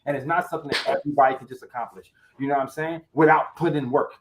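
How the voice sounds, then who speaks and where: A man as a podcast guest, giving animated, emphatic motivational talk about network marketing, with slangy street phrasing and lots of catchphrases. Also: mid-range voice, racing, noisy background. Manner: animated, emphatic, acts out quotes in other voices.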